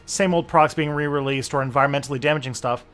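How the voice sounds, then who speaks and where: A man's voice: on the high side, fairly even intonation, fast, fairly bright tone. A Canadian man co-hosting a casual political chat, rambling and restarting as he thinks aloud. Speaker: co-host.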